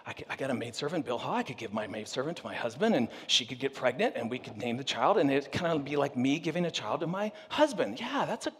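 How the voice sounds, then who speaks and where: A man playing a quietly scheming young wife. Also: mid-range voice, very animated, quick pace, hardly any pauses, breathy edge, long reverb tail, voice pushed down.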